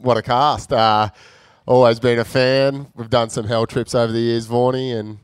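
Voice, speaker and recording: A man's voice: medium pitch, little pitch movement, moderate pace, clear, resonant tone, dry recording. An Australian man, a pro surfer guest on a live podcast, chatting in a laid-back, friendly way. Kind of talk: casual chat. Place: live show in a pub venue.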